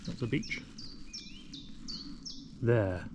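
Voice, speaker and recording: A man's voice: lowish voice, very slow, darkish tone, a little hiss or hum. An English man chatting casually to an action camera outdoors in a forest, sometimes talking to his dog. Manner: chatty, talks to his dog in a raised sing-song voice. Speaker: outdoor vlogger. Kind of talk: casual walking commentary.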